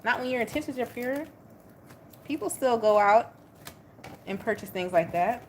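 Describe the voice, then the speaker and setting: A woman tarot reader talks through a casual reading in a lively, slangy voice. She drives her points home by repeating them, and a faint background hiss runs under the recording. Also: fairly high pitch, normal speed. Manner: animated, slangy, emphatic repetition.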